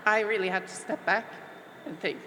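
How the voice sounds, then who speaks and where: A middle-aged woman from Norway, speaking on a panel as a small business owner, heartfelt and reflective with many pauses and fillers. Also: medium pitch, pushed and bright. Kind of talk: panel discussion talk. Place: large expo hall stage. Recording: long hall reverb with faint background noise.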